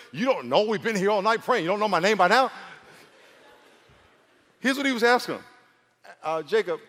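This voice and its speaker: A pastor from New York preaching a humorous sermon, acting out dialogue between stories. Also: male voice, a bit bright. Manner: storytelling, acts out dialogue with big pitch swings and laughs. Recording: long hall reverb.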